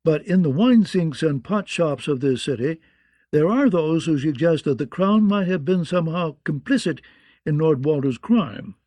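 A man voicing a sly counselor who speaks in a measured, insinuating way. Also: fairly high pitch, dark tone, no room sound, voice pushed up, natural voice.

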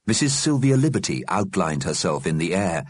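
A man's voice: sits low, big pitch swings, moderate pace, slightly rough, no echo, studio quality. A man narrating an audiobook expressively.

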